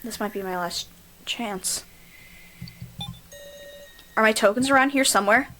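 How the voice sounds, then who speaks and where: Haunted young woman, voiced by a woman reader; tense, pleading, slightly high. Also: measured pace, pushed and bright, a little hiss or hum, rough recording. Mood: urgent. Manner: tense, pleading inner monologue.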